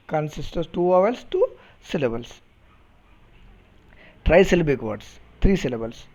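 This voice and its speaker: A man with an Indian English accent teaching a phonetics lesson, speaking slowly and deliberately and repeating words to model their pronunciation. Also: fairly high pitch, dark tone. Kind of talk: recorded phonetics lecture. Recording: dull lo-fi recording.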